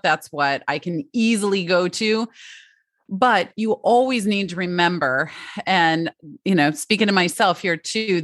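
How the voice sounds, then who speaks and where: A chatty woman talking through advice, her voice set a little low. She drops frequent fillers and side remarks. The sound is close and dry, with no room around it. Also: a bit bright, no room sound. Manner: chatty, many fillers and asides. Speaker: podcast guest giving parenting advice. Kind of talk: casual advice talk.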